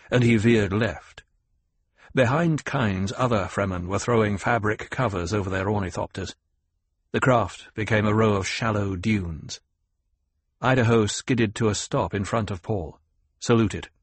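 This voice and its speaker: A man narrating an audiobook in a measured, dramatic reading. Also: lowish voice, husky, no echo. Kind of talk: scripted narration.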